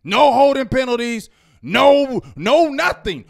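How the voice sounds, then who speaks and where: Fired-up high-voiced man ranting. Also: animated, moderate pace, vocal fry. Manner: loud, fired-up ranting with repeated "you feel me?". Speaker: fan show co-host. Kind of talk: heated postgame rant.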